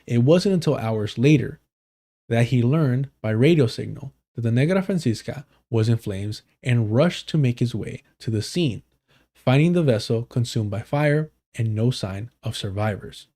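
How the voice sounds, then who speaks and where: A man's voice: mid-range voice, animated, normal speed, warm tone. A man streaming live, reading an article aloud and commenting casually, swearing and stumbling over names.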